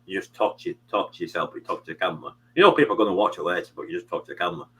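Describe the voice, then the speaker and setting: Deep-voiced rambling British man. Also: rapid-fire, fairly bright tone, husky, poor audio. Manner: rambling, many fillers and "you know what I mean". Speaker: live stream host. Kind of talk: casual chat.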